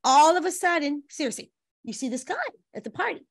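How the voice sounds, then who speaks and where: A woman with a notably high voice speaks as a relationship coach on a talk show. She tells stories with energy and acts out what people say in playful voices. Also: a little fast. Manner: lively, breaks into playful quoted voices. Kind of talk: animated advice chat with acted-out quotes.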